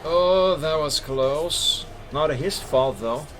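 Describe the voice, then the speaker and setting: A man's voice: a little high, takes it slowly, a bit bright. A man streaming live who moderates a game server and methodically explains recorded gameplay footage step by step. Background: faint background music.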